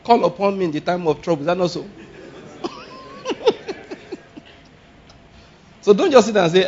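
A man preaching a sermon in an animated, laughing way, often acting out exclamations. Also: high-pitched, measured pace, long pauses, husky. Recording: dull lo-fi sound.

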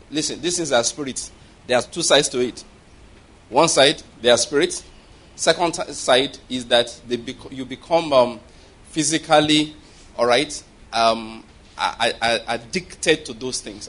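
A husky male preacher talks his congregation through a sermon like a conversation. He keeps checking that they follow and chuckles between points. His pitch sits in the middle of the male range. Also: fairly bright tone.

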